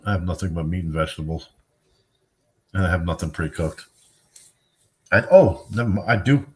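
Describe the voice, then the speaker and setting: Middle-aged New streamer, deep voice, tired, salty, wisecracking. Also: male voice, normal speed. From New York. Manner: profane, wisecracking, easily amazed. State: tired, yawning. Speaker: streamer chatting with viewers. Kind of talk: casual chat.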